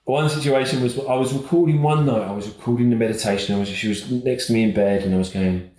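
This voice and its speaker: A man's voice: medium pitch, quick pace, few pauses. A man, a children's TV presenter, telling a rambling, self-mocking story in a casual podcast chat. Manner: rambling, animated, self-mocking, laughs often. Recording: roomy echo.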